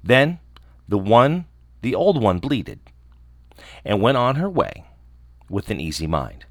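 A man reading a fairy tale aloud as a storybook host, deliberate and expressive. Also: fairly low pitch, no room sound, clean studio sound.

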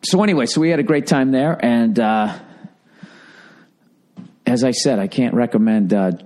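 A middle-aged man hosts a podcast and tells a loose, swearing-heavy story in a relaxed monologue. He comes from the Boston area. His voice sits at an ordinary pitch, and he stretches into higher, livelier tones when he recounts what others said. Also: normal speed. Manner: profane, rambling, animated when doing quoted voices. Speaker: podcast host.

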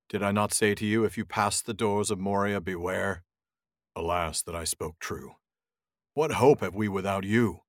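Man, low voice, dramatic measured reader, casual podcast co-host, dry close sound. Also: no echo. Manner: dramatic, measured reading voice that drops low for narration. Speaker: podcast co-host reading aloud. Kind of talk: reading a novel aloud, then casual discussion.

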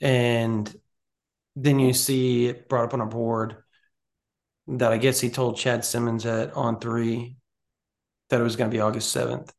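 A man's voice: mid-range voice, level tone, unhurried, vocal fry, pauses often. A man co-hosting a recruiting podcast, chatting casually and animatedly, often restarting his sentences. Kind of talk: casual sports chat.

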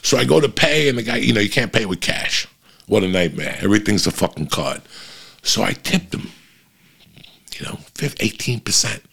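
Gravelly low-voiced man telling crude stories. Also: moderate pace. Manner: profane, animated, addresses listeners as guys. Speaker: podcast host. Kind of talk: casual comedic storytelling.

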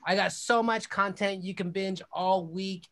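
A young man hosting his own podcast, talking in a loud, hyped-up style with whoops and shout-outs. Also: fairly even intonation, a little slow. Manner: high-energy hype with whooping shouts. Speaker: podcast host. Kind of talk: hyped podcast intro and self-promotion.

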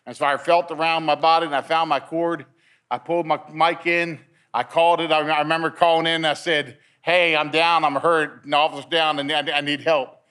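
A man's voice: fairly high pitch, flat delivery, fairly quick, bright, forceful tone, clean tone. A man giving a personal testimony at a men's meeting, telling his story in a storytelling way and repeating words as he gets caught up in it.

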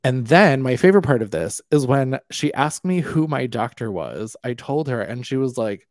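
A young man, a podcast guest, telling his story in a casual, animated way and acting out the voices he quotes. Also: medium pitch, moderate pace, hardly any pauses, no echo, clean studio sound. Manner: animated, acts out quoted voices, laughs often.

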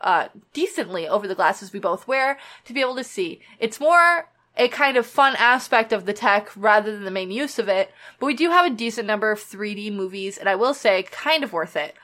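A woman's voice: medium pitch, lively intonation, a little fast, hardly any pauses, fairly bright tone. A woman co-hosting a podcast, telling a story in casual chat with blunt, joking humor. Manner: reads listener mail and tells stories with frank humor. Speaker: podcast co-host.

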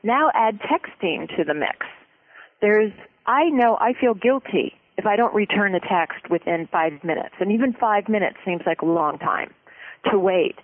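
A guest expert giving relationship advice in an interview, explaining in an earnest, steady way. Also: medium pitch, normal speed, dry recording. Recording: tinny phone-like line.

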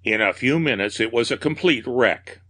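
A man reading a horror tale aloud with measured, darkly theatrical narration. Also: mid-range voice, expressive, fairly bright tone. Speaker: storyteller.

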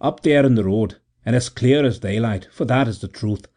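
A man reading the part of a tall young forester who speaks slowly and quietly with some hesitation. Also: medium pitch, lightly acted. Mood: solemn. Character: tall young Highland forester, shaken and solemn.

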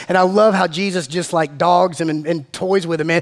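A man preaching to his church in a casual, slangy way, swinging between loud and hushed. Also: high-pitched, fairly even intonation, moderate pace, hardly any pauses. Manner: slangy, calls listeners "man" and "family". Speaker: pastor. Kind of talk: sermon. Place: church meeting room.

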